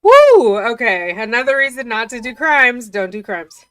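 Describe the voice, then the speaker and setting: A woman's voice: a little high, normal speed, pushed and bright, clear, resonant tone, no room sound. A woman reading official documents aloud and breaking off for casual, incredulous commentary. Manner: chatty, incredulous, often laughing.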